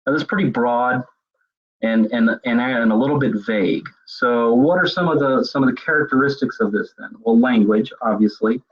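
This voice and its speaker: A man's voice: mid-range voice, normal speed, breathy edge. A middle-aged man presenting a webinar lecture in a conversational way, often repeating words as he thinks. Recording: dull lo-fi web seminar audio.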